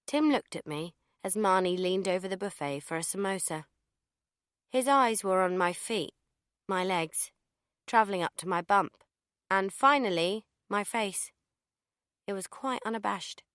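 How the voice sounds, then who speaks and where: A woman narrating a first-person audiobook in a wry, deadpan way. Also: medium pitch, measured pace, no echo, clean studio sound.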